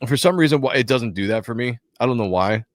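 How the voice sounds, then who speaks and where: A man co-hosting a casual comic book review show, jokey and animated, often acting out dialogue from the pages. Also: medium pitch, fast talker, dry recording, clean studio sound. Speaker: podcast co-host.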